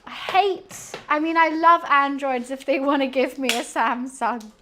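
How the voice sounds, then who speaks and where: A woman's voice: high voice, measured pace, sharp tone, slight background noise. A young woman chatting casually while cleaning and cooking in her home kitchen, rambling and humming to herself. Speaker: streamer.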